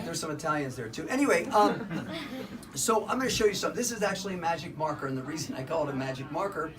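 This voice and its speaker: Joking stage magician, distant and noisy. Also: male voice, on the high side, big pitch swings, fairly quick, long pauses, a loud crowd. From Philadelphia, Pennsylvania. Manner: joking, chatty, laughing through lines. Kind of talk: comedy magic show patter. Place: live theater show with audience. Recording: distant live stage recording, loud ambience.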